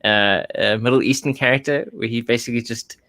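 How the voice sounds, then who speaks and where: A man's voice: mid-range voice, brisk, a bit bright. A South African man co-hosting a casual podcast, talking with frequent ums and restarts. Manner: hesitant, many ums and restarts. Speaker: podcast co-host. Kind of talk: casual chat.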